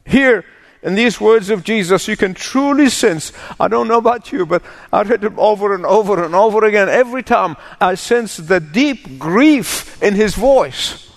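A man's voice: high voice, lively intonation, normal speed, long reverb tail. A male pastor preaching a sermon and reading scripture, stressing his points through repetition. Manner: emphatic, repeats phrases for weight.

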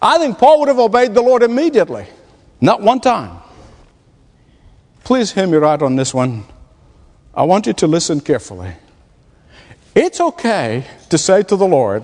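A man preaching a sermon, emphatic and dramatic, slowing down to stress his points. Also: high voice, big pitch swings, darkish tone. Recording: long hall reverb.

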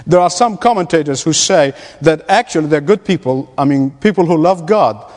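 A man preaching a sermon, emphatic and dramatic, slowing down to stress his points. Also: fairly high pitch, lively intonation, a little mellow. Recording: long hall reverb.

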